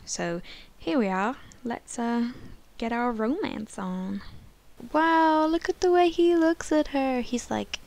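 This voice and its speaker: A woman narrating her game session with bubbly excitement, prone to gasps and squeals. Her voice sits fairly high, with a gravelly, creaky fry running through it. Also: takes it slowly. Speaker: gaming channel host. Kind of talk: let's play commentary.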